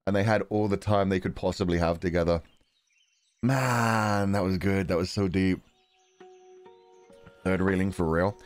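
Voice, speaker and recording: A streamer plays through a story game, chatting and laughing easily in casual commentary, giggly and talkative. He has a deep, steady voice, with soft music in the background.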